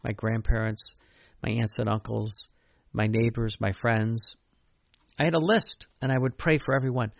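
An older priest gives a sermon with a gravelly, rough-edged voice. He tells stories casually and then falls into chanted, repeated prayer lines. The recording is dull and lo-fi, with a dry, close sound. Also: medium pitch, fairly even intonation, moderate pace, no echo. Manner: anecdotal, conversational preaching.

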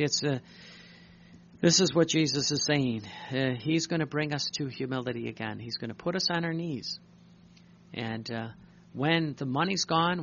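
A man preaching a sermon, reading passages aloud, halting with many fillers and restarts and clearing his throat often. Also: mid-range voice, fairly bright tone. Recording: muffled recording with faint hum.

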